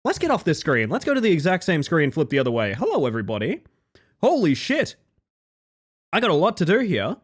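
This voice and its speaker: Man, live streamer, casual chat, excitable, swearing, slightly high voice, very animated pitch. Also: racing, hardly any pauses. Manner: excitable, swears, laughs often, swings between loud outbursts and soft low asides.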